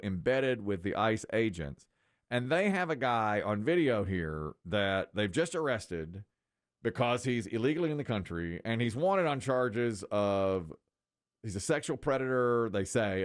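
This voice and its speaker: A man's voice: on the low side, sing-song, a little slow, dry recording, clean studio sound. A middle-aged man hosting a morning radio show, chatting casually and telling stories. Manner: storytelling, acts out quotes in voices. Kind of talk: casual talk radio banter.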